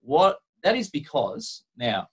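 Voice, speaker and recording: A man's voice: on the high side, very animated, slow pace, breathy edge. Chatty Australian man co-hosting a podcast. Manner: joking, rambling storyteller. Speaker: podcast co-host. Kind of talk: casual chat.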